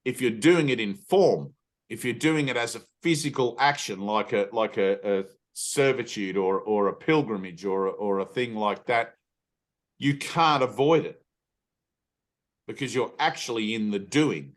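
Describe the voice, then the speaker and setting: A man's voice: on the low side, unhurried. A middle-aged man giving an earnest spiritual teaching talk, emphatic, swearing casually, and often checking in with "right?". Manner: frequent "right?" tag questions.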